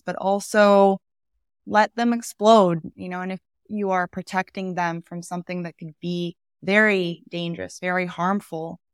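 Smooth-voiced woman podcast host. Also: lowish voice, no room sound, studio quality. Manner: thoughtful, with many fillers like "you know" and "um". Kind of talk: conversational interview commentary.

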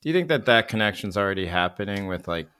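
A man's voice: on the low side, animated, quick pace, bright, forceful tone, smooth, no room sound, studio quality. A man hosting a casual panel discussion, talking in a wry, rambling way with joking asides. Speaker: podcast host.

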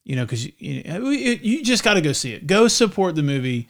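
Guy rambling on a podcast, lots of ums, gravelly. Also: high-pitched, very animated, normal speed. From North Carolina, USA. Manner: rambling, many fillers and restarts. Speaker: podcast co-host. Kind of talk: casual chat.

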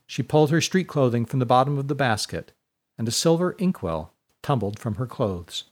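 Man narrating a storybook, measured and even. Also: mid-range voice.

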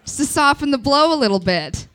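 A woman in her twenties doing a live stand-up set, self-deprecating and crude, with quick asides to the crowd. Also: high-pitched, lively intonation, fairly bright tone. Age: 20s. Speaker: stand-up comedian.

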